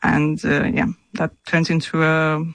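A woman from Romania, a novelist speaking in an interview in a slow, thoughtful, measured way. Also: deep voice, monotone, vocal fry, fairly bright tone, no echo, poor audio. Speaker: novelist guest. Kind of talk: remote interview.

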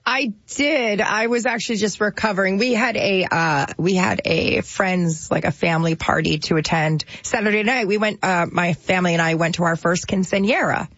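A woman's voice: mid-range voice, normal speed, few pauses, a bit bright, no room sound, dull audio. Chatty woman radio co-host, dry studio. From New Jersey. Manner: chatty, storytelling with many fillers. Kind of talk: casual radio banter.

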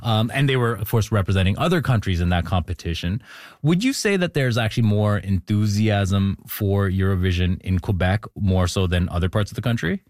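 A man's voice: on the low side, expressive, a little fast, darkish tone, dry recording, clean studio sound. A man hosting a panel discussion, putting playful questions to his guests. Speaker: host.

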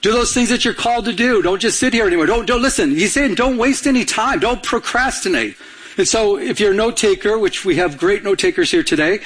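A man delivers a sermon to his church with an urgent push, repeating words and restarting phrases for emphasis. His voice sits high and carries a husky edge. He keeps calling out questions for the congregation to answer. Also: expressive, brisk, a bit bright, rough recording. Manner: urgent preaching with call-and-response questions to the congregation. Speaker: pastor.

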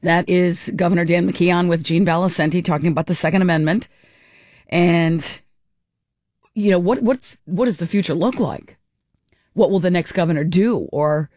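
A woman's voice: on the low side, moderate pace, no room sound. Chatty talk-radio woman, dry studio sound. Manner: chatty, animated, acts out little dialogues. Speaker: radio talk show host. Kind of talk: casual talk radio commentary. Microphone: studio microphone.

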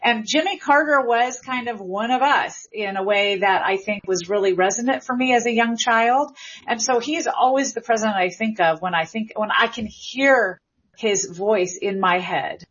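Middle-aged woman, linguist guest, husky and muffled, enthusiastic explainer. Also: fairly high pitch, normal speed, a bit bright. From American South. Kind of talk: interview answers, explanatory. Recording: dull lo-fi audio.

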